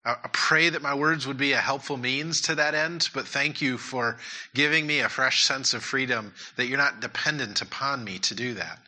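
A man's voice: medium pitch, moderate pace, sharp tone. A man preaching a sermon and leading prayer in a church, earnest and repeating his key points. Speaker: pastor.

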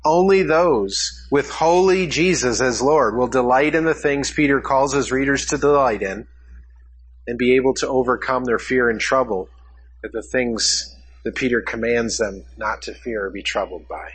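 A man's voice: medium pitch, moderate pace, breathy edge, poor audio. A man preaching a sermon, asking his congregation questions as he teaches from a passage. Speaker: pastor.

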